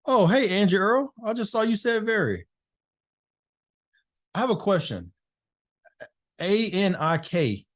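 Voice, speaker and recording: A man's voice: high voice, very animated, unhurried, long pauses. A man hosting a casual live online business masterclass, chatting loosely with participants by name over a video call.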